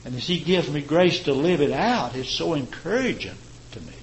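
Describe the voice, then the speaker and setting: A man preaching a sermon, rising to loud, high emphasis and dropping to quiet, slow phrases. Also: sing-song, slight background noise, poor audio. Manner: impassioned, swelling and dropping in pitch and volume; slows and stretches key words for emphasis.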